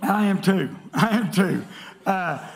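Male pastor, lively joking sermon delivery to a congregation; high-pitched, gravelly tone. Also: slow pace. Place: church sanctuary.

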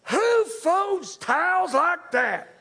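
A bossy, nitpicking housewife with a twang, as a male preacher puts her on, her voice pitched way up and shrill. She scolds in an exaggerated, fussy tone and pushes each complaint loudly. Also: sing-song, extremely slow, exaggerated voice. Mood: scolding. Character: fussy nitpicking wife, woman, bossy over chores.

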